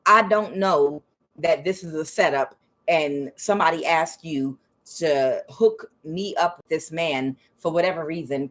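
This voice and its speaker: A woman reading tarot in a casual spiritual chat, frank and profane, mimicking other people in a higher voice. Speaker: tarot reader.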